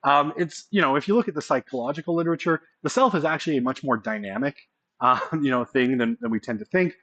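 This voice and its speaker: A man's voice: on the high side, fast talker, a bit bright, dull audio. A man giving a casual college sociology lecture, often checking in with the class by asking "right?".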